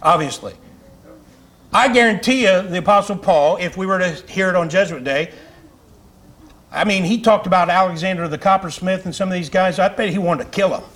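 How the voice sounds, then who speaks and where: Male pastor, high-pitched, fiery conversational sermon delivery in a church. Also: brisk, fairly bright tone. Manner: fiery, conversational preaching with asides and laughs. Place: church sanctuary.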